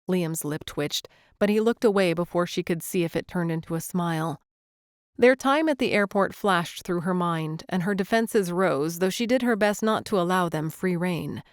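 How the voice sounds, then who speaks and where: A woman reads a romantic comedy audiobook in gentle, even narration. Her voice is slightly low and recorded close and dry, with no room sound. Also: dry recording. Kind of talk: scripted narration.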